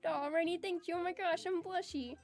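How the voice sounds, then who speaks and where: A woman with a steady, darkish voice chats casually with her livestream chat at a slightly fast clip, reading messages aloud and giggling often. She describes herself as low-energy and introverted, and soft music plays in the background.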